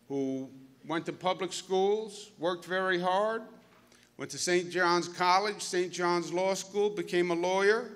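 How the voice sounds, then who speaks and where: Man in his 50s, Queens accent, folksy speech to students, bright, forceful voice in an echoing hall. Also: sits high, clean tone. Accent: Queens New York. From Queens, New York. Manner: folksy, storytelling, jokey asides. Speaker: governor speaking at a school. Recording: reverberant hall.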